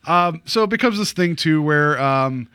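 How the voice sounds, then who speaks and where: A man casually recapping a movie plot on a podcast, rambling with lots of fillers and quick laughs. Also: on the high side, animated, pushed and bright, clean tone, dry recording. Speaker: podcast co-host.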